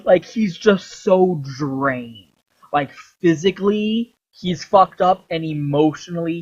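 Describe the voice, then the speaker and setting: A man retelling a game story in a long, animated ramble full of swearing, on a dull lo-fi recording. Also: a little high, breathy edge. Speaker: video creator.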